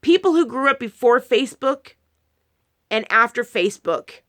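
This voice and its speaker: A woman with a bright, forceful tone and a fairly high voice tells a personal story straight to camera. She rambles, restarts her sentences and breaks into quoted lines of dialogue as she goes. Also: expressive, normal speed. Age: adult, married. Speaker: video creator. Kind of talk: casual monologue to camera.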